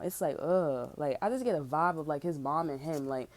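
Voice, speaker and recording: A woman with a fairly low voice talks through a tarot reading in loose, profane slang. She keeps saying "bro" and pushes into a loud, heated tone as she vents. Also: a little fast. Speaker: tarot reader. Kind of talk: casual tarot reading turning into a rant.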